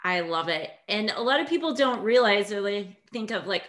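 A woman's voice: medium pitch, very animated, moderate pace, hardly any pauses, fairly bright tone. A woman hosting a casual interview over coffee, friendly and chatty, with lots of "like" and "sort of.". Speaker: interview host.

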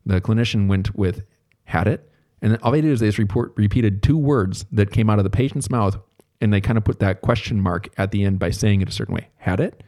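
A man giving a relaxed, conversational recorded lecture as a therapy instructor, thinking aloud as he explains. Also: lowish voice, brisk.

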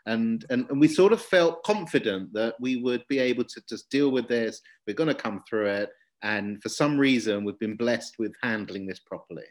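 A man's voice: medium pitch, normal speed. A man hosting a casual interview chat in an amused, teasing way.

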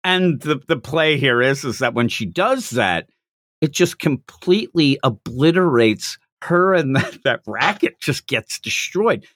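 A man hosting a podcast, casually recapping a manga chapter in a jokey, animated way. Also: mid-range voice, no echo, clean studio sound. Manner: animated, jokey retelling with quick acted quotes. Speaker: podcast host.

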